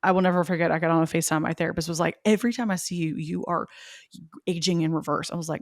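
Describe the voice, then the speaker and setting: A young Tennessee woman hosts a solo podcast, recounting a personal story in a chatty, confessional style packed with "like"s and quotes of herself and others. Her voice sits lowish and steady in tone, though she races along. The studio sound is clean, with no room sound.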